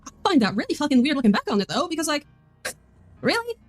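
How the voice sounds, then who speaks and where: A woman's voice: sits high, big pitch swings, fast talker, faint music behind. A woman on a group voice call, blunt and confrontational, laying out her case sarcastically. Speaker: caller confronting another.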